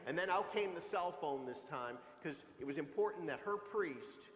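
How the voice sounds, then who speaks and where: Priest in his sixties, homily, storytelling with humor; lively, slightly high voice in a reverberant church. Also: moderate pace. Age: 60s. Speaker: pastor. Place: large church sanctuary. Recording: echoey church with long reverb.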